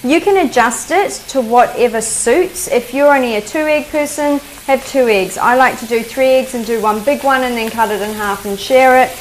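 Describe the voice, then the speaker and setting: Woman, new zealand accent, cooking host, chatty and homely, slightly high voice, faint kitchen hiss. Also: normal speed, few pauses, rough recording. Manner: chatty, homely, explains as she cooks. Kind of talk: live cooking demonstration.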